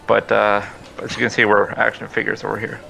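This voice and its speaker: A man speaking in character as a player in a tabletop game, polite and mock-formal with drawn-out fillers. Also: fairly low pitch, monotone, vocal fry, sharp tone, slight background noise, poor audio. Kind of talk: in-character tabletop role-play.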